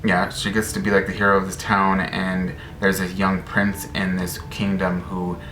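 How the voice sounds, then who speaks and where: A man casually chatting to camera about upcoming books, rambling and excited, full of fillers and restarts. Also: low voice, moderate pace, faint music behind. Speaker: book vlogger. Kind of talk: casual book chat to camera. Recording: echoey room, faint background noise.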